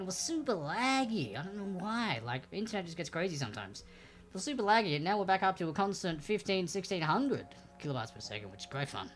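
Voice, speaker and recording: A chatty, upbeat Australian woman with a voice on the low side hosts trivia from a home room with a backdrop. Using a desk microphone without headphones, she reads the questions slowly and with emphasis.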